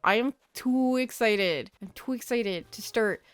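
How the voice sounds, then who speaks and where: A chatty, playful young woman talks her way through a life-sim game, teasing the characters and reading their lines aloud. Her voice sits a little high and comes across smooth and clean, recorded close and dry. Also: a little slow, no echo. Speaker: gaming channel host. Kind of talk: casual gameplay commentary.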